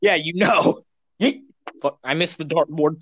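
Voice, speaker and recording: A man's voice: a little high, a little slow, fairly bright tone, breathy edge, no echo, poor audio. A young man co-hosting a podcast, casual and crude, rambling and playful. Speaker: podcast co-host. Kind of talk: casual chat.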